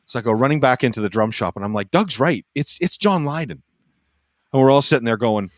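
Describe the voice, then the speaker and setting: A man's voice: mid-range voice, fast talker, dry recording. A man on a roundtable panel telling a casual anecdote, acting out the lines of the people in it and swearing freely. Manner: animated storytelling, acting out quotes, swearing freely.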